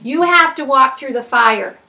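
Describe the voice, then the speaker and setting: A woman's voice: sits high, animated, a little slow, vocal fry, sharp tone, recorded from a distance, a little hiss or hum. A woman leading a parenting class for people in recovery, talking frankly and emphatically with many tag questions. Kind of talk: recovery group lesson. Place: meeting room with group.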